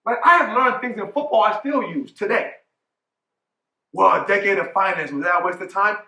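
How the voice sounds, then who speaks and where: A man's voice: high-pitched, brisk, pushed and bright, reverberant. A man in his forties giving a motivational keynote talk as a coach, emphatic, often asking "right?". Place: conference hall.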